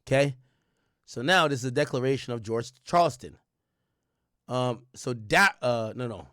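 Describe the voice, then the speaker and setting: A man's voice: medium pitch, normal speed, long pauses, a bit bright, no echo, clean studio sound. A young man streaming commentary, reading documents aloud and reacting bluntly with lots of profanity.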